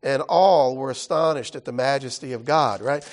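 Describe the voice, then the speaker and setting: A man's voice: mid-range voice, moderate pace. A man teaching a Bible study class in a casual, explanatory way, often checking in with his listeners.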